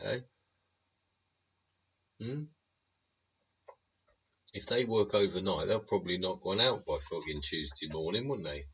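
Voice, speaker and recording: Husky, deep-voiced man ranting. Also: a bit bright. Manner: sweary, rambling, constant tag questions, chuckling. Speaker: show host. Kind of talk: casual ranting monologue. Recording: dull lo-fi recording.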